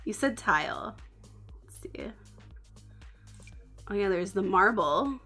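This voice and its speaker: A woman's voice: medium pitch, expressive, slow pace, pushed and bright, faint music behind. A young woman from the Bay Area with a Northern Californian accent, chatting casually and giggling on a livestream, with lots of "like". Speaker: streamer.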